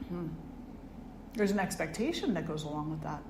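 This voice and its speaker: A woman's voice: low voice, expressive, moderate pace, long pauses, darkish tone, slight background noise. A woman, a spiritual teacher, giving a reflective, conversational satsang talk and asking her audience questions. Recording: roomy hall with faint ambience.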